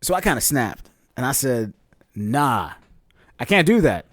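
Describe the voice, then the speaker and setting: A young man co-hosting a podcast, telling a story in a casual, animated way and laughing often as he acts out what people said. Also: mid-range voice, a little slow, husky, dry recording, clean studio sound. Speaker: podcast co-host.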